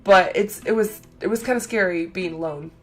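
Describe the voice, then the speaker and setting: Young woman vlogger, middle pitch, chatty and gushing, faint music behind. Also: moderate pace. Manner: chatty and excitable, many fillers and acted-out quotes. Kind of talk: casual storytelling vlog.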